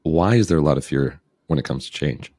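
A man with an extremely low voice that is dark and husky, hosting a casual podcast. He sounds playful and upbeat, with a light streak of self-teasing. The sound is dry and close to the mic. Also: lively intonation, fairly quick, no echo. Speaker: podcast host.

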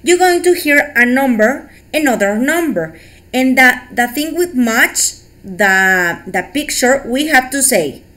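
Female English teacher, slow patient delivery, animated. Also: high-pitched. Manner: slow, encouraging, repeats words for pupils. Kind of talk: online class instruction.

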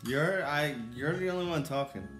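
A man playing a video game alongside his child, coaching briefly in a dry, low-key, terse way during casual chat at home. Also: moderate pace. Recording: echoey room with music playing.

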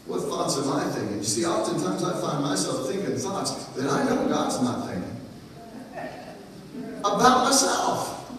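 A man preaching a sermon as pastor, animated and rhythmic, with repetition and playful asides. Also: on the high side, a little slow, a little hiss or hum. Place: church sanctuary. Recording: echoey hall, voice from far off.

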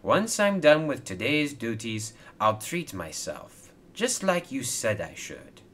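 A man's voice: mid-range voice, sing-song, slow pace, a bit bright, pitched above the performer's own voice, exaggerated voice. A man doing a stern crane boss. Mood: calm. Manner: firm, scolding, exasperated. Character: stern hardworking male crane boss, gruff but fair. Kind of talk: toy train storybook video.

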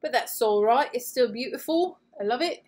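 A woman's voice: a little high, expressive, normal speed, darkish tone. A woman hosting a casual unboxing video, chatty and gushing, with lots of fillers as she looks over each item. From United States. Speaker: unboxing channel host.

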